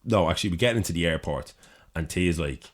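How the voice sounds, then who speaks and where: Very deep-voiced Dublin man telling stories. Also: fast talker. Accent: Dublin Irish. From Ireland. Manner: animated, profane storyteller acting out quotes. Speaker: podcast co-host. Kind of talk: casual chat, storytelling. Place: city studio with door open.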